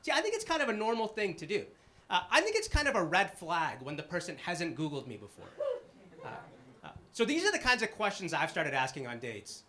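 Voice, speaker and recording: A young man from the Boston area doing a stand-up set on a live stage, with a halting, filler-heavy delivery and dry, self-deprecating punchlines. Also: sits high, wildly swooping pitch, crowd noise. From Boston area, Massachusetts. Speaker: stand-up comedian. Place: live comedy stage with an audience.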